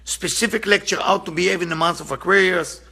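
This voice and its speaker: Gravelly, husky man teaching Kabbalah. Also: high-pitched, steady tone, fairly quick, bright, forceful tone. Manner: earnest, impassioned, repeats for emphasis. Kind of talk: spiritual lesson with storytelling.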